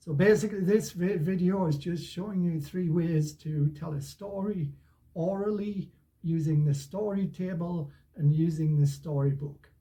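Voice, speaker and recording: An older man explaining how to tell stories with puppets and storybooks, in a relaxed, rambling way with many restarts. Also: a little high, moderate pace, low-quality recording. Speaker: storytelling teacher.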